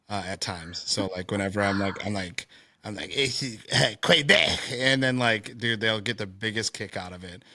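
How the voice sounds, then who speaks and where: A man's voice: on the low side, sharp tone, no room sound. A young man hosting a podcast in casual chat, laid-back and saying dude and man a lot. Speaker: podcast host.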